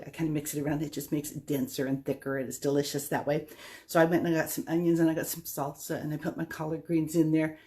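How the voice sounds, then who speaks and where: A woman's voice: low voice, dark tone. A middle-aged woman vlogging, telling a personal story in a chatty, rambling, self-deprecating way. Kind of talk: casual storytelling monologue.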